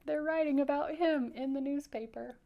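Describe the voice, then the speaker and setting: A woman's voice: sits high, lively intonation, a little slow, creaky, highs cut off. A woman teacher giving a playful, coaxing read-aloud for children, inviting them to repeat lines after her. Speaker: teacher reading aloud to kids.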